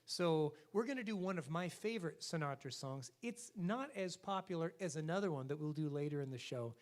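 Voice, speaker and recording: A man's voice: on the high side, brisk. A man leading a swing band, telling jokes and chatting with a church concert crowd. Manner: joking, animated storyteller. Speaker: bandleader and singer. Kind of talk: live stage banter and joke telling. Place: church stage.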